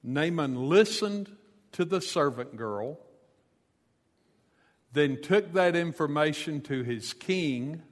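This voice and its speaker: A pastor preaches a sermon unhurriedly, recounting a scripture story with casual asides in an animated manner. His voice is a bit high for a man, and a long reverb suggests a large hall.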